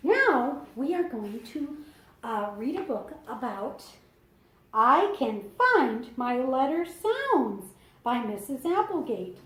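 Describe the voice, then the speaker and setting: Expressive high-pitched woman reading a storybook. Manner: slow, expressive and sing-song, pausing to explain. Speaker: children's librarian. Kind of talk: reading a picture book aloud to preschoolers. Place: library room. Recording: echoey room.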